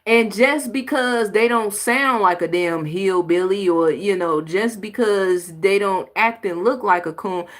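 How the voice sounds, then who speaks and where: A woman's voice: mid-range voice, measured pace, few pauses. A woman hosting a reaction video, giving blunt, emphatic commentary on clips with sighs and exclamations.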